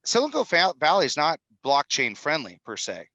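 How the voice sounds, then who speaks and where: Man in his 50s, bright forceful voice, animated salesman-like pitch, dry close mic. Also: normal speed, gravelly, no echo, muffled recording. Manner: energetic, salesman-like, rambling. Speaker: guest, film executive producer. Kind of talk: animated podcast interview talk. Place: studio in Utah.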